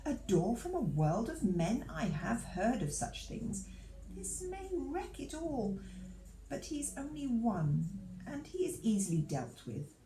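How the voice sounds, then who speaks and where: A woman's voice: on the high side, very animated, slow pace, dark tone, echoey room, slight background noise, heavily acted. A woman voicing a cold, imperious witch queen who speaks in a haughty, commanding way. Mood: scheming.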